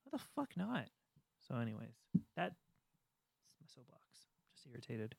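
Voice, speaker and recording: A man co-hosting a casual podcast chat, ranting with animated energy and mocking studio executives in voiced asides. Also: mid-range voice, moderate pace, creaky, no room sound. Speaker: podcast co-host.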